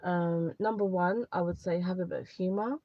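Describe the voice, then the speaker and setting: A woman's voice: fairly low pitch, fairly even intonation, moderate pace, no room sound. A woman chatting candidly on a livestream, rambling a little and repeating herself as she gives advice. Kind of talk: casual live chat to viewers. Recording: dry, slightly dull lo-fi sound.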